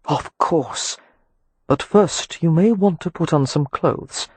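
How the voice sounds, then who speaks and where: A woman narrator voicing Cam, a confident young man who speaks calmly and reasonably. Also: low-pitched, takes it slowly, breathy edge, no echo, heavily acted. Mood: steady. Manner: calm, reasonable, assured.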